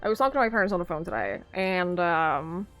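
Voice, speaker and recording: A young woman from southern Norway livestreams in a lowish, slightly bright voice, very animated and talking fast. She chats with viewers in an easygoing, rambling way and laughs frequently, while faint music plays behind her.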